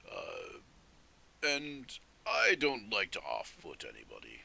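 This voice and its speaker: A man's voice: sits low, wildly swooping pitch, slow pace, gravelly, pushed and bright, slightly rough, pitched below the performer's own voice, full character voice. A man voicing a polite minotaur scholar. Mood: courteous. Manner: formal, courteous, old-fashioned phrasing. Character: gentle scholarly male minotaur archaeologist. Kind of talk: live-streamed tabletop role-play.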